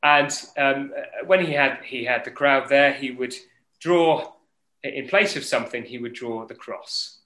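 Male preacher from England, mid pitch, earnest and halting, recorded in an echoey room. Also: bright, forceful tone. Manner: earnest, halting, with many fillers and restarts. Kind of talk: Bible talk on an online call.

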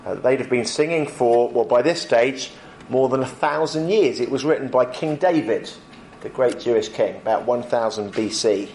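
A man giving a lunchtime Bible talk as a preacher, conversational with frequent ums, slowing down to stress key points. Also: mid-range voice, darkish tone, a little hiss or hum.

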